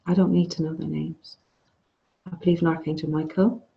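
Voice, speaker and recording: Gravelly-voiced woman teaching online. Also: low-pitched, little pitch movement, fairly quick. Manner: chatty, frank, restarts phrases. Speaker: course teacher. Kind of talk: casual online lecture. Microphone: video call. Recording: dull lo-fi video call audio.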